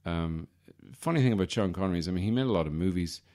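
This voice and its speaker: A man's voice: sits low, lively intonation, quick pace, a little mellow. A man hosting a comedy podcast, talking in a wry, self-deprecating, digressive monologue. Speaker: podcast host.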